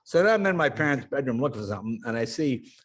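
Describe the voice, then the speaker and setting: Older American man, animated storyteller, wide pitch swings, shouts out the lines of his characters. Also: rapid-fire. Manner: acts out family members in raised, shouting voices. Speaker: guest.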